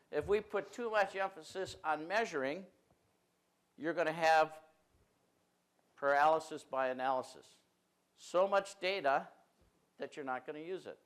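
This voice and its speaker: A man with a fairly high voice gives a seminar lecture to a live audience. He speaks emphatically, drawing out key words and slowing down to press each point home, the way a consultant does when teaching a roomful of people. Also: smooth. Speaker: dairy management consultant presenting a seminar. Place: seminar room.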